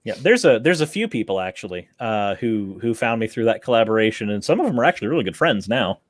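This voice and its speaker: A man who is a YouTuber, chatting casually on a call-in stream, quick and animated with frequent restarts. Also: lowish voice, dry recording. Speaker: YouTuber and show co-host. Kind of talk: casual chat. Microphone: home streaming setup.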